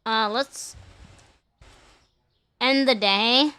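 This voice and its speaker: A young woman streamer chatting casually to her viewers while gaming, playful and crude and quick to laugh. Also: fairly high pitch, bright, forceful tone, smooth.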